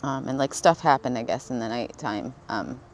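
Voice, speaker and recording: A woman's voice: a bass voice, normal speed, soft background music, low-quality recording. A woman vlogging in a rambling, casual way, swearing freely, laughing often and smoking while she talks. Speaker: spiritual vlogger.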